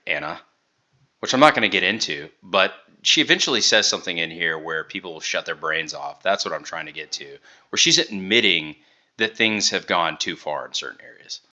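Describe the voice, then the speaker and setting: A man with a very low voice and a sharp, tense edge to it. He comments on clips in a sarcastic, critical way, cutting in to make his point. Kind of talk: reaction commentary.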